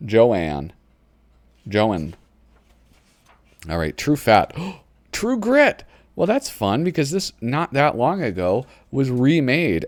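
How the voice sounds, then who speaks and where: A man chatting casually as he leafs through an old magazine, easily sidetracked and quick to giggle. His voice is lowish but swings up and down a lot. The recording is close and dry. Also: darkish tone, no room sound. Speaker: host. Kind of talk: casual commentary while flipping through a magazine. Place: home computer desk.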